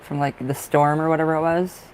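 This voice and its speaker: A man's voice: a little high, level tone, brisk, slight background noise, low-quality recording. A young man doing tarot readings on a live stream, chatting casually with viewers, often apologizing and laughing. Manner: chatty, easily distracted, frequent apologies and laughs. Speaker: livestream tarot reader. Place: dark room at home.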